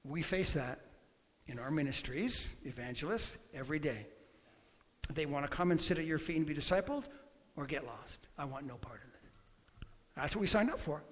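A man preaching a sermon, emphatic, swinging between loud bursts and quiet asides. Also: fairly high pitch, animated, normal speed, long pauses. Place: church hall. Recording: long hall reverb.

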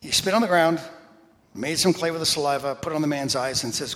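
A man with a slightly raised voice preaches in a church, his words ringing with the long reverb of a large hall. He talks with energy and emphasis, tossing in quick asides. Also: on the high side, a bit bright. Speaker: pastor. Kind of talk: sermon. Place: church sanctuary.

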